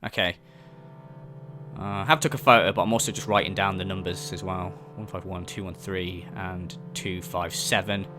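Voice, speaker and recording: A man's voice: low voice, steady tone, normal speed, bright, forceful tone, faint music behind. A young man giving jokey, sarcastic let's-play commentary, swearing casually as he explores. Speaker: gaming YouTuber.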